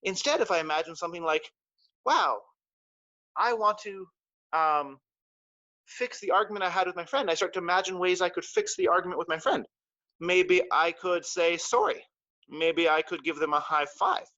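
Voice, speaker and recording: A man's voice: fairly high pitch, fairly bright tone, no echo, highs cut off. A martial arts teacher, a man, giving a playful lesson to children and acting out little voices. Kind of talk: talk to children in class. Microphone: livestream mic.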